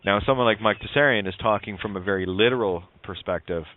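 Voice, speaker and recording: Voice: low voice, fast. A radio show host explaining ideas at length in rambling call-in talk, on a phone-like line. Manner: rambling, wordplay-driven explanations. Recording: dry tinny phone-like line.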